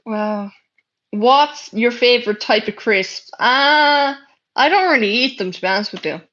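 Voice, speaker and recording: A young Irish woman on a livestream reads out comments and answers them bluntly, full of swearing and sarcasm. Her voice is on the high side, a little slow and a bit bright, over dull lo-fi stream audio.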